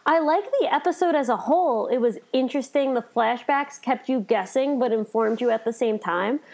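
Young female co-host, high voice, chatty and thoughtful. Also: moderate pace, a little mellow. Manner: chatty, thoughtful, lots of filler. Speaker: podcast co-host. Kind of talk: casual anime review chat.

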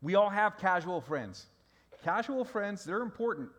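A man's voice: high-pitched, expressive, a little slow, a bit bright. A middle-aged man, preaching a sermon in a loose storytelling way, often restarting his sentences. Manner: conversational storytelling with repeated restarts. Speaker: pastor.

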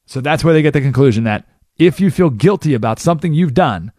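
A man hosting a talk radio show, explaining ideas in a monologue and acting out the people he quotes in quick character voices. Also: on the high side, expressive, a little mellow, no echo, clean studio sound. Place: radio studio.

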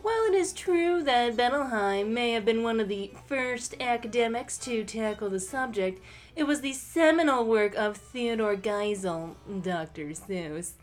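A woman's voice: a little high, voice pushed down. A woman voicing a snobby, overeducated female literary scholar, reading aloud in a pompous, nasal tone. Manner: reads aloud in a pompous, lofty tone.

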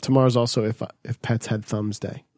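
A man's voice: mid-range voice, level tone, fairly quick, a little mellow, dry recording, clean studio sound. A man hosting a casual podcast chat, joking as he reads out a list of silly holidays. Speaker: podcast host.

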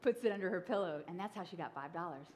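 A woman's voice: on the low side, fast talker, a little hiss or hum. A woman in her thirties preaching a sermon, telling funny stories and acting out voices. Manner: lively, humorous, acts out voices. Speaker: pastor. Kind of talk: sermon with storytelling.

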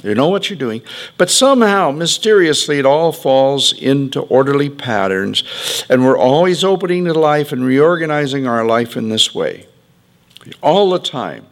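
Man, spiritual teacher, lively pitch, gravelly edge, playful talk with acted-out quotes. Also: normal speed. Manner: animated, playful, acts out quotes with sudden pitch jumps.

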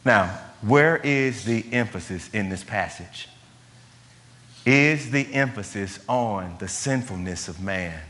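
A man's voice: fairly low pitch, a bit bright. A man preaching a sermon, emphatic and conversational, asking his listeners questions. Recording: long hall reverb.

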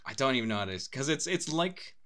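A man's voice: medium pitch, sing-song, fast, crowd noise. A young man casually chatting as a podcast co-host, rambling with lots of laughs and restarts. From United Kingdom.

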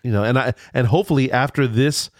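Talking fast at medium pitch, this podcast host has a stuffy, congested nose that makes him sound nasal. His casual chat rambles, with repeated words and constant restarts, in a dry, clean studio recording.

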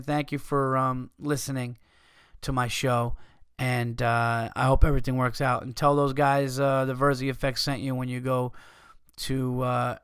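Gravelly guy on his podcast reading listener stuff, swears a lot, trips over the words. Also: medium pitch, fairly bright tone, dry recording, studio quality. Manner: profane, loose, stumbling over reading. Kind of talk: casual podcast chat.

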